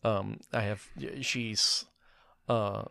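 A man talking casually about a movie, rambling with lots of restarts and fillers, getting animated as he argues. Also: fairly low pitch, extremely slow, creaky, clean tone, dry recording. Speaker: film podcast co-host. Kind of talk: casual film review chat.

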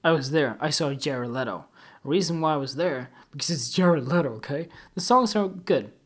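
A man hosting a podcast, telling funny everyday stories in a loose, animated and crude way, often laughing at himself. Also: a little high, moderate pace. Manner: animated, giggly, crude, self-mocking. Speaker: podcast host. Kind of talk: casual comic storytelling.

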